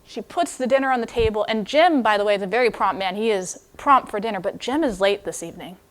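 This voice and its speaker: A young woman preaching a sermon, retelling a story in a lively, expressive, chatty way. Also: mid-range voice, fast talker.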